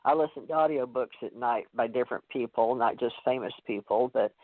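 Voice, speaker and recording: A man's voice: mid-range voice, a little fast, no room sound. A man hosting a call-in radio show, talking in a rambling way with many fillers and restarts. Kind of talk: casual call-in chat. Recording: tinny phone line.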